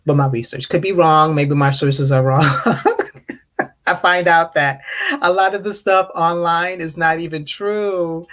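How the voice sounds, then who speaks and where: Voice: mid-range voice, measured pace. Slightly tipsy livestream host. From United States. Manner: animated storytelling, acts out others' rude questions in mocking voices. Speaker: host of a live online discussion panel. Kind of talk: casual livestream chat, greeting and answering viewers.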